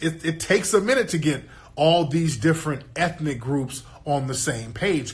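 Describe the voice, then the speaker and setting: Guy ranting casual, streetwise and profane, keeps checking you follow, voice sits a bit high. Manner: emphatic, streetwise, profane, asks the listener for agreement. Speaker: guest commentator. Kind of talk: casual monologue.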